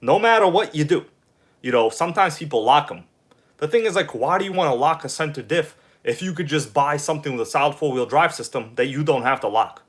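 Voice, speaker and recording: A man hosting a casual live stream and chatting with his audience, animated and quick to flare up with irritation. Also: fairly high pitch. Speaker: livestream host.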